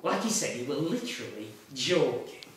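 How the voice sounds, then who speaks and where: A man's voice: mid-range voice, sing-song, normal speed, fairly bright tone. A man playing a blustering traffic warden. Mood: aggrieved. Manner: blustering, rambling, self-pitying, with sudden bursts. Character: aggrieved middle-aged male traffic warden, blustering and wounded. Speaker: actor in a solo stage show. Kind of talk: live theatrical monologue. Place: meeting room with a live audience. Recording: echoey room, voice from far off.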